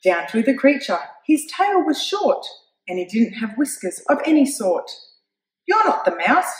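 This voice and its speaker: A woman reading a picture book aloud to children, expressive and pointing things out to her young listeners. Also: on the high side, normal speed, echoey room, rough recording. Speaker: storyteller.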